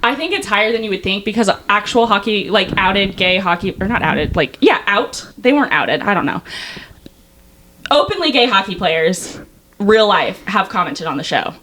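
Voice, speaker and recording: A young woman co-hosting a podcast, rambling excitedly with lots of fillers and laughs. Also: mid-range voice, moderate pace, a little hiss or hum, low-quality recording. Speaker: podcast co-host. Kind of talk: casual chat.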